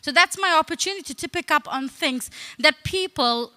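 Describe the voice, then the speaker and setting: A woman from the United Arab Emirates performs a humorous stage talk as a comedian and storyteller, playful, teasing and conversational. Her voice is high-pitched and sharp-toned, with lively intonation at normal speed.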